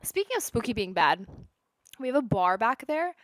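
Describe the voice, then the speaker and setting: A woman's voice: fairly high pitch, big pitch swings, moderate pace, dry recording. Chatty young woman rambling on tangents. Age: 20s. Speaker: lifestyle creator. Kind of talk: casual sit-down chat. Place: at home.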